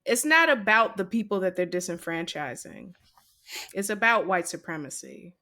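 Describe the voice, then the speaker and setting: Woman from the us cohosting a podcast, firm and emphatic, mid-pitched, chatty. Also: animated, normal speed, pushed and bright. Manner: emphatic, finishes her co-host's points. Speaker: podcast co-host. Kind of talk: casual chat.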